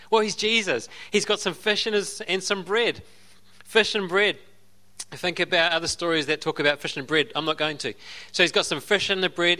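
Bright-voiced Australian pastor, chatty. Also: male voice, sits high. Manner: conversational storytelling with asides and laughs. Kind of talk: sermon.

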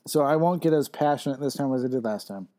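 Podcast co-host, mid pitch, teasing, laughs a lot, casual chat. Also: quick pace, dark tone.

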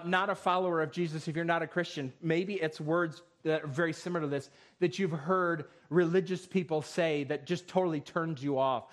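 A man preaching a sermon in a church, reading scripture with rising force and then explaining it in a calmer, conversational way. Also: a little high. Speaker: pastor. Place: church sanctuary.

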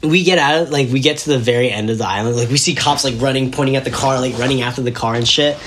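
A young man telling a story casually as a podcast guest, animated and laughing as he acts out what people said. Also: medium pitch, quick pace, slight background noise.

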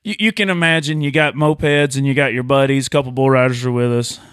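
A man's voice: medium pitch, fairly even intonation, fast talker, fairly bright tone, smooth, dry recording. Male podcast host, playful yarn-spinner with easy laughs; medium voice, dry studio sound. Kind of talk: casual chat, storytelling.

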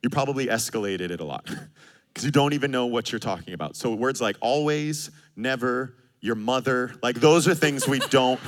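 A man in his thirties preaching a sermon, animated and joking, acting out quoted arguments. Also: mid-range voice, normal speed. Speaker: pastor.

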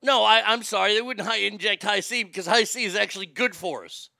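A man's voice: sits high, fairly quick, vocal fry, sharp tone, dry recording, clean studio sound. A man hosting a live show, ranting about politics in a heated, sarcastic and profane way, often stammering and restarting when worked up.

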